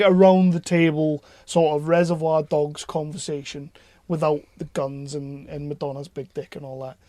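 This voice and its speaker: A man, co-hosting a casual film podcast, excitable and swearing freely. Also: on the high side, dry recording. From North East England. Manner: excitable, swears freely, laughs while talking. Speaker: podcast co-host.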